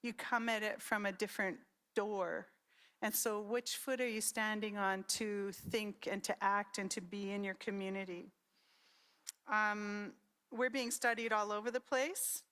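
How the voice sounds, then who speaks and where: Middle-aged woman from Saskatchewan, conference speaker, lively storyteller who quotes her family. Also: medium pitch, a little slow. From Saskatchewan, Canada. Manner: storytelling, animated quoting of relatives. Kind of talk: conference talk with personal stories.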